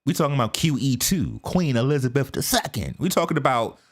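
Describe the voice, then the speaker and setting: An American man giving casual, talkative commentary on a live stream. He keeps checking in with "okay?" and mutters quietly to himself while he sets things up. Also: medium pitch, lively intonation, a little fast. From United States. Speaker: reaction video streamer.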